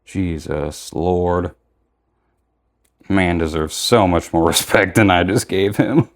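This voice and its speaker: A young man with a notably low-pitched voice talks through an action figure unboxing in a loose, casual way. He rambles, backtracks and corrects himself as he goes. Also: slow.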